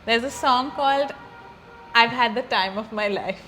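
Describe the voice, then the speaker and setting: A woman hosting a podcast, upbeat and giggly as she runs quick games with a guest. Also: fairly high pitch, fairly bright tone, soft background music. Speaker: podcast host. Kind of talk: casual podcast chat.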